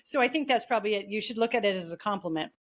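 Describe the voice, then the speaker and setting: A woman's voice: mid-range voice, lively intonation, rapid-fire. Woman co-host, mid-range voice; chatty, reflective and reassuring. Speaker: podcast co-host. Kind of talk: casual chat.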